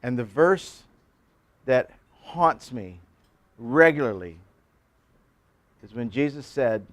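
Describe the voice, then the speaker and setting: A man's voice: mid-range voice, animated, slow pace, long pauses, no echo. A man in his sixties, a pastor, giving a folksy sermon at a men's breakfast, telling stories with jokes and acting out quotes.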